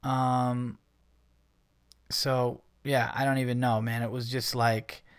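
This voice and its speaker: A man's voice: mid-range voice, flat delivery, slow, smooth, no echo, studio quality. A man hosting a podcast, rambling casually with lots of swearing, fillers and restarts. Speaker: podcast host.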